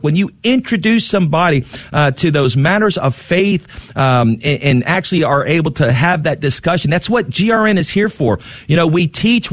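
A man's voice: fairly high pitch, dry recording. A man hosting a radio pledge drive, upbeat and repeating the call-in number. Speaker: radio host.

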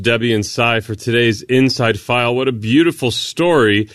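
A male host wrapping up a talk segment with earnest, measured sincerity. His voice is mid-pitched and recorded dry and close. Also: a bit bright, no room sound, soft background music. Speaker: show host. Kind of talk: radio host wrap-up.

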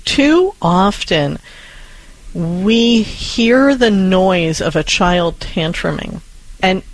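Calm voice in a dry, close recording. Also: mid-range voice, no echo, low-quality recording. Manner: calm, reassuring, addresses the caller directly. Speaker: co-host giving parenting advice. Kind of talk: casual advice chat.

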